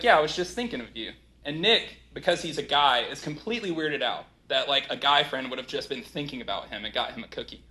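A man in his thirties giving a sermon as pastor, talking in a casual, animated way with many asides. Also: on the high side.

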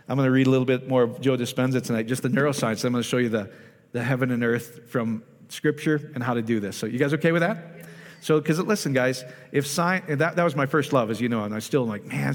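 A man's voice: medium pitch, big-room sound. A man giving an informal, conversational sermon, often asking the audience questions and stressing his points with emphasis. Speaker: pastor.

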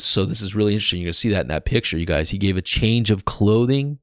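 A man gives a Bible teaching in a low voice, breaking into eager exclamations. He speaks straight to his listeners as "you guys". The recording is dry and close. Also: fast talker, hardly any pauses, a bit bright, smooth, no echo.

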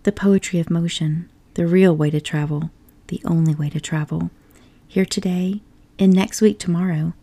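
A boastful, dreamy male toad murmurs in a hushed, rapturous whisper, as a woman acts him out. This whispered role-play of a storybook has a low, husky, gravelly sound. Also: fairly even intonation, normal speed.

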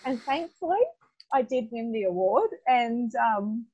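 Husky, lively young woman telling a story. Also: on the high side, a little slow, low-quality recording. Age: young adult. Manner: animated, laughs often, acts out dialogue. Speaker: podcast guest. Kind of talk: casual interview storytelling.

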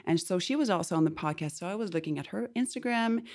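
Middle-aged woman host, lowish voice, gushy and rambly, casual interview chat. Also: expressive, quick pace, darkish tone. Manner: chatty and effusive, meandering phrasing. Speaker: podcast host. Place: indoor room, recorded in London.

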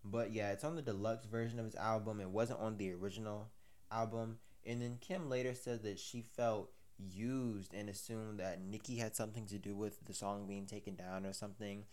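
A man's voice: lowish voice, fairly even intonation, moderate pace, a little mellow. A man hosting a casual commentary, recapping a story with rambling, chatty asides. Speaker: commentary host.

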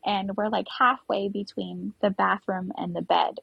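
Husky-voiced woman telling her story. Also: mid-range voice, fairly even intonation, unhurried, no room sound, lo-fi sound. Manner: chatty, many "like" fillers, frequent laughter. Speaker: podcast guest. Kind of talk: casual storytelling interview.

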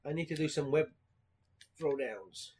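A young man with a slightly high voice chats casually and tells a story with lively energy. He swears freely and breaks into laughter. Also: measured pace, slightly rough. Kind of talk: casual chat.

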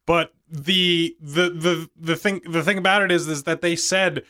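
Bright-voiced man recapping a movie casually. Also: a little high, fairly even intonation, unhurried. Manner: rambling, profane, laughs often.

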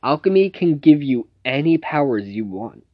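A man's voice: mid-range voice, very animated, moderate pace, husky, dry recording, dull audio. A man casually recapping a TV series plot in a loose, rambling way, full of fillers and self-corrections. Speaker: TV series reviewer.

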